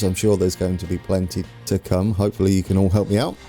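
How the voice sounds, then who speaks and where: Low, mellow-voiced man narrating gameplay. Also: fairly even intonation, fast talker, hardly any pauses, faint music behind. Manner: chatty, self-mocking, thinking aloud while playing. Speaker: let's play host. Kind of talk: casual gameplay commentary.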